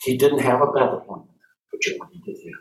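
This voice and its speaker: A male pastor preaching a sermon, animated and calling on his congregation, sometimes shouting. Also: medium pitch, fast talker. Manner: shouting at peaks. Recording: roomy hall sound from far off.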